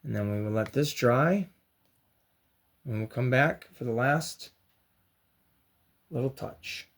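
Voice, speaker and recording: A man talking viewers through a hobby craft step by step, chatty and encouraging with joking asides. His voice is gravelly with a fry at the ends of lines, sitting at a middling pitch. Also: slow. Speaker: host of a toy and craft channel. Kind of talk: casual crafts tutorial.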